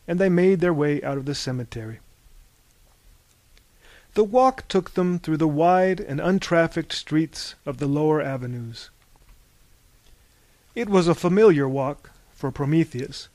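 Male storyteller, slightly raised pitch, dry booth, animated reads. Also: no room sound. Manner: animated, bursts into loud high character shouts. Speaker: narrator. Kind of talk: audiobook narration.

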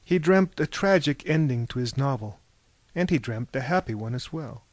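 A man narrating a literary audiobook in a measured, intense manner. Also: medium pitch, lively intonation, no echo.

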